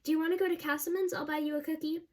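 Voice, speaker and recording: A woman's voice: sits high, fairly even intonation, rapid-fire, voice pushed up, lightly acted. A woman voicing an earnest, polite young girl who keeps pressing her questions. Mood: soothing. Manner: polite, persistent.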